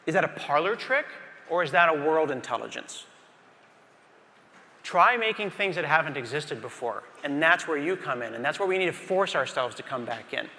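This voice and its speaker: A man's voice: fairly high pitch, moderate pace. A middle-aged man giving a conference keynote on a large stage, telling stories animatedly and talking straight to the crowd. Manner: animated storytelling, acts out scenes, addresses the crowd. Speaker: keynote speaker. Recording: reverberant conference hall.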